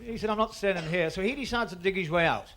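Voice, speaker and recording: A man's voice: sits high, fast, heavy background noise. A man telling long joke stories on stage in a stand-up act, with a rambling patter and voiced characters. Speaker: stand-up comedian.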